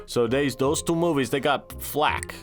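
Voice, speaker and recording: A man's voice: medium pitch, a little slow, soft background music. A man co-hosting a casual podcast, playful and jokey, with a goofy patter when he presents a trivia segment. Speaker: podcast co-host. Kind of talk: casual chat.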